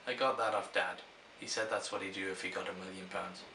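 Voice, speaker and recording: A young man talks casually to the camera, rambling through his answers and stories and often restarting his sentences. His voice sits a little low but sounds bright and forceful. It is recorded from a distance in an echoey room. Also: fairly even intonation, fast talker, vocal fry, a little hiss or hum. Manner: rambling, storytelling, self-interrupting. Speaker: vlogger answering question prompts.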